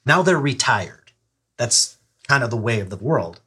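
Bright, raspy-voiced army veteran. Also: male voice, mid-range voice, lively intonation, measured pace. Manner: blunt, swears, hesitant restarts. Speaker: podcast guest, army veteran. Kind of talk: casual chat.

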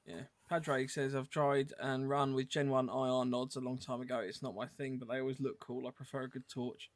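A man's voice: mid-range voice, little pitch movement, brisk, no echo. A man co-hosting a podcast, reading listener comments aloud in a casual, self-deprecating way. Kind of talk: casual chat.

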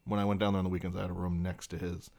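Casting: deep-voiced man, loose rambling storyteller, swears a lot. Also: little pitch movement, rapid-fire, vocal fry, a little mellow. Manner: rambling, swears freely, laughs through stories. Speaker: podcast co-host. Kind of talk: casual late-night chat, storytelling.

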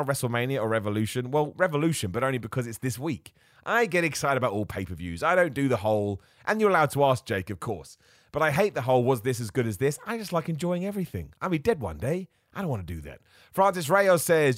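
A man hosting a solo wrestling podcast, talking in an excitable, self-mocking way and jumping between ideas. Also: mid-range voice, dry recording, clean studio sound. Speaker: podcast host.

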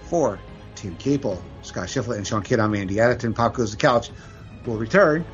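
A man hosts a casual podcast in a relaxed, easygoing way. His voice sits in a middle pitch. The audio is slightly dull and lo-fi, with faint music underneath. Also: normal speed. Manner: laid-back, wraps up with a sign-off. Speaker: podcast host. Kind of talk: casual chat.

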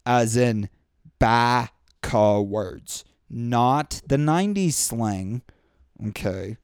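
Slow-talking, exasperated man ranting. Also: clear, resonant tone, no echo, studio quality. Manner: exasperated, swearing, with mocking high-pitched impressions. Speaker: podcast host. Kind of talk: profane ranting monologue.

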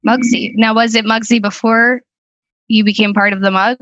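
Deadpan woman firing blunt questions. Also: fairly high pitch, normal speed, dry recording, muffled recording. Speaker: podcast guest. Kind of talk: improv comedy banter.

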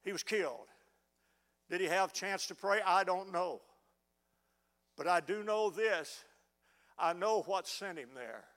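A man's voice: high voice, unhurried, long pauses, a bit bright. A middle-aged man preaching a fervent sermon, often stammering as he restarts words. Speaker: pastor. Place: church sanctuary.

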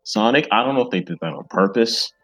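A man's voice: lowish voice, expressive, fast talker, fairly bright tone, slightly rough, soft background music. A man in his twenties, a guest on a podcast, chatting casually and eagerly with lots of fillers. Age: 20s. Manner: rambling and eager, many fillers. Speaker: podcast guest, comic creator.

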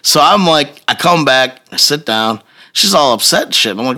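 A man telling a long personal story in casual chat, profane and animated, laughing as he goes. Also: mid-range voice, moderate pace.

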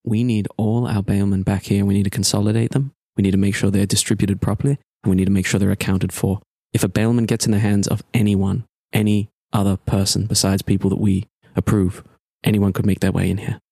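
A man playing a brisk scholarly headmistress. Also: lowish voice, flat delivery, creaky, dark tone, dry recording, studio quality, pitched below the performer's own voice. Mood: urgent. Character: stern scholarly female headmistress.

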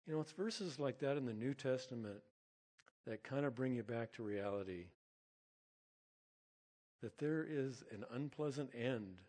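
A middle-aged man preaching, telling a personal dream story in an earnest, animated way and chuckling now and then. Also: medium pitch, in a large hall. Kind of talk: sermon-style storytelling.

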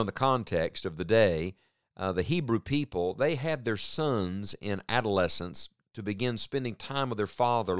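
A middle-aged man preaching a sermon in an earnest, measured way, pausing for emphasis. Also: medium pitch, clean tone, no echo, clean studio sound.

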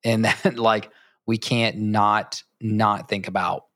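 A man with a low voice talks excitedly through his points, looping back with lots of "like" and "um". The recording is dry and close. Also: slow, no room sound. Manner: rambling, enthusiastic, lots of fillers. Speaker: podcast co-host. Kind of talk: casual chat about a cartoon.

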